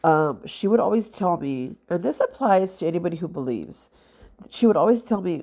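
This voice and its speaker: A woman's voice: lowish voice, very animated, moderate pace, mellow. A woman, a mother, talking casually and heartfelt to camera as a nail vlogger, rambling with many fillers and sounding congested. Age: adult with children.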